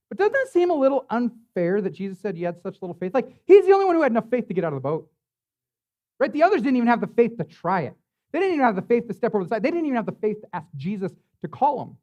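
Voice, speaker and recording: A man with a high voice preaches a sermon as the church's pastor. He talks in a relaxed, chatty way, leaning on fillers and asking his listeners "right?" along the way. The sermon recording is muffled and lo-fi. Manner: conversational, filler-heavy preaching with tag questions.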